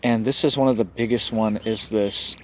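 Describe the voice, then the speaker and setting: A man's voice: on the low side, fairly even intonation, normal speed, slight background noise. A man hosting a homesteading channel, talking urgently to camera and tagging lines with "right?", with chickens close by. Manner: urgent, repeats "right?" often. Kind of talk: casual direct-to-camera commentary. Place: home setup with chickens nearby. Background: chickens clucking.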